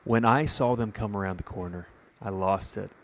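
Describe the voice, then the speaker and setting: A man with a fairly low voice hosts a relaxed podcast conversation. His speech is halting, often stumbling over and repeating words before the thought comes out. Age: adult, a father. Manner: halting, repeats words while searching for them. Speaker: podcast host. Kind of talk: casual chat.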